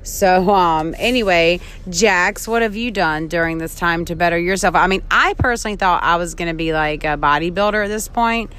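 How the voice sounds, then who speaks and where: A woman's voice: on the low side, normal speed, few pauses, a bit bright, clear, resonant tone. A woman co-hosting a casual talk show, playful and rambling, joking about home life. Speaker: podcast co-host. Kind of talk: casual chat, mock teacher play.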